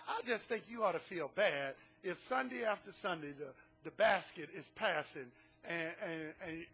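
A man pastor preaching a sermon, animated and often shouting, with humorous asides. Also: sits high, slightly rough.

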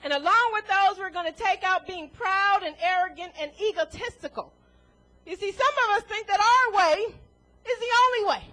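A woman preaching a sermon in an animated way, laughing often and acting out the voices she quotes. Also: extremely high pitch, moderate pace, low-quality recording.

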